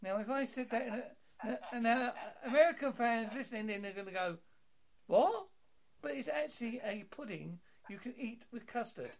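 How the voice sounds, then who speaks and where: A man's voice: extremely high pitch, brisk, hardly any pauses. A British man hosting an interview, chatting in a jokey, easygoing way with frequent stammered restarts. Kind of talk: casual interview chat.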